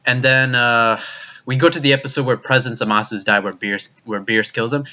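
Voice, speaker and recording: A man's voice: medium pitch, steady tone, a little fast, sharp tone. A young man delivering a profane, exasperated video review rant, with frequent restarts. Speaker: anime reviewer. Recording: dull lo-fi recording.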